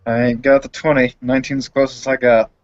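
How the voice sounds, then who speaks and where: A man's voice: medium pitch, little pitch movement, fast talker. A man playing a tabletop game who talks hesitantly and asks questions. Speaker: player. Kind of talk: casual tabletop play. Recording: dull lo-fi recording.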